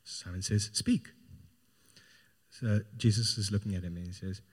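Low-voiced man preaching in a reverberant hall. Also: fairly even intonation, brisk, husky. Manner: storytelling retelling of a Gospel scene, informal with fillers. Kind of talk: sermon.

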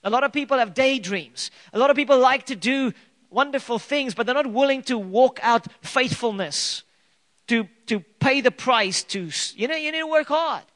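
A man with a high-pitched voice preaches a sermon to his congregation. He speaks earnestly and with emphasis, piling up rhetorical questions and drawing out key phrases. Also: animated, normal speed, a bit bright. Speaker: pastor.

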